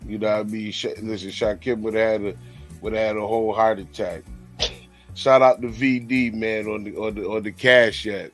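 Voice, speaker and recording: A man hosts a livestream and reads out donations in casual, profane banter. His voice swings from low mutters to sudden laughing shouts. Faint music plays behind him. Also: steady tone, moderate pace. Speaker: livestream host.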